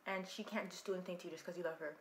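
A young woman casually reacting to an anime, talking back to the screen in an expressive way. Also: lowish voice, rapid-fire, roomy sound, a little hiss or hum. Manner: expressive, talks back to the screen, shrieks and laughs.

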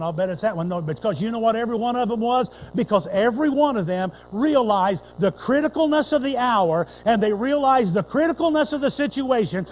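High-voiced preacher man, folksy and animated, going from loud to hushed. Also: low-quality recording. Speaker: pastor. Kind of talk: sermon.

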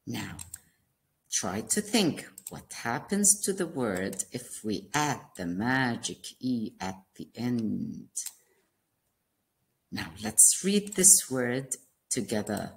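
Low-voiced woman teacher sounding out words super slow for little kids, echoey room. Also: very animated, creaky. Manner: slow, sing-song sounding out of letters for small children. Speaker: kindergarten teacher. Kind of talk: classroom phonics lesson.

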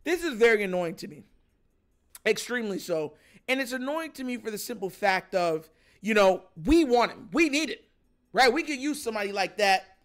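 Man, sports show host, fired-up rant, lots of filler words, high-pitched, sharp tone. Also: moderate pace. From Jamaican family. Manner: animated, ranting, lots of fillers.

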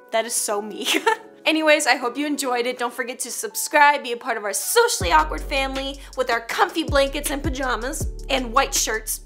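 High, bright giggly woman vlogger. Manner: giggly, joking, teasing asides. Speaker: YouTube reaction host. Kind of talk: casual reaction commentary.

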